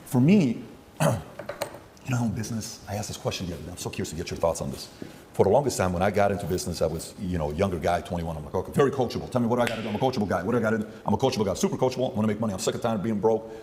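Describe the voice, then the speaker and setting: Man, podcast host, rapid anecdotes, quoted back-and-forth, reverberant hall sound. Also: on the low side, expressive, mellow, a little hiss or hum. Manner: rapid storytelling, acting out quoted exchanges. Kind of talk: casual interview talk.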